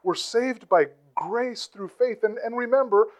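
Man, pastor, teaching sermon, high voice, chatty asides, emphatic bursts. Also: unhurried, poor audio. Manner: conversational teaching with asides and rhetorical questions; emphatic, swings loud on key phrases.

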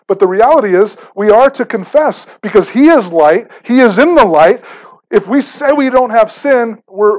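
Man preaching, high-pitched voice, conversational, stammering restarts, emphatic. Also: a little mellow, poor audio. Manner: repeats words as he starts phrases, conversational and emphatic. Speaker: pastor. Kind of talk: sermon.

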